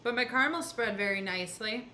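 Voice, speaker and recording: A woman co-hosting a cooking show, chatting in a relaxed way and giving measured, thoughtful comments on the taste. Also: fairly high pitch. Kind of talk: casual chat while tasting food. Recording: echoey room with background noise.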